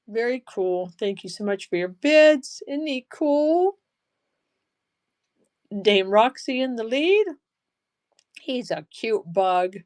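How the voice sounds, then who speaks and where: Excitable woman selling jewelry live. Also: a little high. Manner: chatty, excitable, gushing over items. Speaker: live-stream jewelry seller. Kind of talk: live auction selling chat.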